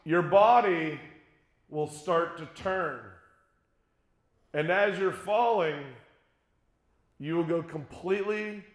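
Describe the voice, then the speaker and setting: A man speaking at a youth conference, telling a jokey, animated story to middle schoolers and leading a short prayer. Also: sits high, slow pace, pauses often. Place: church conference room with an audience. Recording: echoey room.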